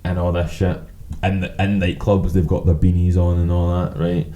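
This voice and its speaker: A young Scottish man telling casual anecdotes as a podcast guest, swearing freely and animated. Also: low-pitched, normal speed. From Scotland. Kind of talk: casual chat. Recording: roomy echo.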